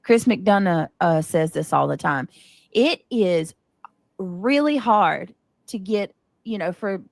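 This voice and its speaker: A woman's voice: fairly low pitch, gravelly, no room sound, clean studio sound. A woman talking casually on a livestream, often stopping and restarting her sentences. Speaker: livestreamer being reacted to.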